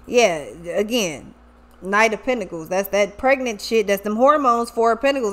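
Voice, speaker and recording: A woman's voice: medium pitch, normal speed. A woman giving a casual tarot reading, talking animatedly with lots of slang and swearing, often acting out what people might say. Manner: animated, profane, acts out quoted people. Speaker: tarot reader.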